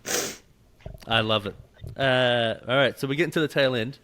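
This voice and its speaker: A man's voice: mid-range voice, normal speed. A man hosting a podcast, chatting casually and acting out quotes with laughter. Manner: animated storyteller, acts out quotes, laughs. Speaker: podcast host. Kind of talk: casual interview chat.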